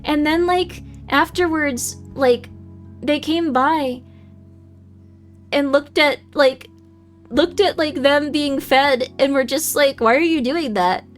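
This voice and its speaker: A woman's voice: high voice, steady tone, slow, faint music behind. A woman streamer telling a long rambling story in casual livestream chat, full of "like" fillers.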